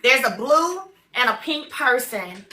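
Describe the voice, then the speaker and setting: A woman's voice: high voice, animated, unhurried, sharp tone. A woman in her thirties hosting a casual livestream, blunt and drawn out with long hums. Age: 30s. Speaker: livestream host.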